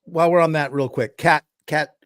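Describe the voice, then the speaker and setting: A man's voice: on the high side, steady tone, normal speed, a bit bright, no room sound. Swearing, jokey man on a dry mic. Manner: loose and jokey, swears casually. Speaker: podcast co-host. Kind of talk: casual podcast chat.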